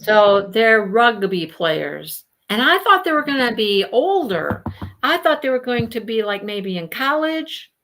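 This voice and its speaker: A woman's voice: on the high side, animated, measured pace, a bit bright, slight background noise. A woman hosting a casual live book chat, talking in a chatty way and laughing often. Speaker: book discussion host.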